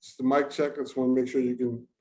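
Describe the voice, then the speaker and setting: A man's voice: mid-range voice, level tone, fast talker, mellow. A man moderating an online session over a video call, talking in an informal, chatty way. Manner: informal, chatty, thinking aloud. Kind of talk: hosting an online research session.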